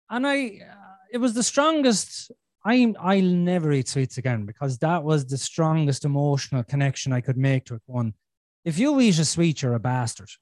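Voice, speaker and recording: A man's voice: on the high side, darkish tone, no room sound. A man, hosting a casual podcast conversation, blunt and sweary, acting out his own inner voices. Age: 40s. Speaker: podcast host.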